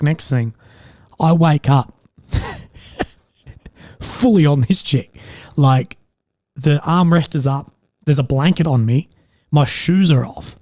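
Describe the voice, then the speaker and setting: A man's voice: medium pitch, mellow, no room sound, clean studio sound. A young Australian man hosting a live stream, telling rambling stories in a laid-back way, swearing a lot and filling gaps with likes and ums. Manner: laid-back, heavy swearing, lots of fillers. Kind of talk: casual storytelling.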